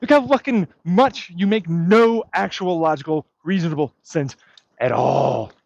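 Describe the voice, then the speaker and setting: A man's voice: fairly high pitch, a little slow, gravelly, no echo. A man vlogging outdoors while walking his dog, ranting in an agitated, profane way with bitter muttering. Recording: dull lo-fi dry sound.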